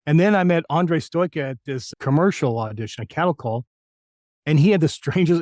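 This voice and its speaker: A middle-aged man recalls his career in a relaxed interview, lively and quick to drop into other voices. His voice sits at an ordinary pitch. The recording is close and dry, with no room sound. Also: no room sound. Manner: animated, slips into impressions of other voices. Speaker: voice actor guest. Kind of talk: casual interview storytelling.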